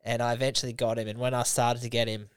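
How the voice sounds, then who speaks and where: A man hosts a casual podcast chat in a middle-pitched voice. He swears freely and slips into small impressions while telling stories. The sound is dry and close. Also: level tone, fast, smooth, dry recording. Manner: swears freely, storytelling with mimicry. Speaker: podcast host.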